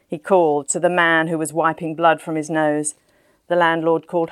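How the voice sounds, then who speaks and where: A woman narrating a first-person story in an even, measured way. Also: sits low, no echo, clean studio sound. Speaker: audiobook narrator.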